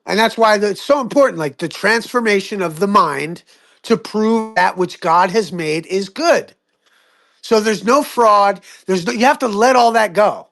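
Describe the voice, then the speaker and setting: A man leading a casual group discussion, talking emphatically in quick bursts and swearing freely. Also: sits high, a bit bright.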